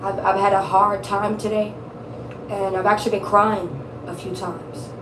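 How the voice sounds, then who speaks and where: A woman's voice: mid-range voice, flat delivery, moderate pace, roomy sound, recorded from a distance, background noise. A woman giving a casual tarot reading, blunt, emphatic and profane, repeating her points for stress. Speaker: tarot reader.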